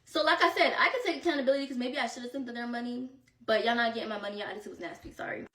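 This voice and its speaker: A woman telling a vacation story in casual storytime style, animated and slangy, slightly out of breath. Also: fairly high pitch, racing, distant mic. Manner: animated, slangy, quoting friends in bursts. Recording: echoey room, voice set back from mic.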